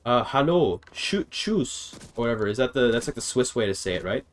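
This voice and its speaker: A man streaming gameplay in casual chatter, thinking aloud, sounding out words haltingly and swearing now and then. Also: medium pitch, slight background noise.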